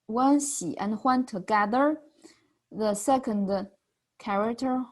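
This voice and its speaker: Very slow-speaking woman teaching pronunciation. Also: mid-range voice. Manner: patient, models sounds with drawn-out exaggerated vowels. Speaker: Chinese language teacher. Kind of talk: beginner language lesson.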